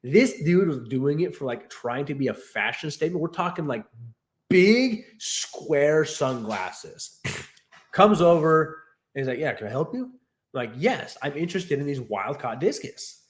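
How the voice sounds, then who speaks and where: A young man casually recounting a frustrating shopping trip, animated and exasperated, acting out the dialogue as he goes. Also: on the high side, measured pace. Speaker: fish keeper vlogger. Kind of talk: casual storytelling rant.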